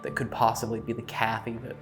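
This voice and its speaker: A man's voice: medium pitch, completely flat delivery, quick pace, a bit bright, soft background music. Musing man calling out to spirits. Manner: musing, questions spirits aloud, laughs easily. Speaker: paranormal investigator. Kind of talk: ghost-hunting session talk. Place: inside an old house, in a room.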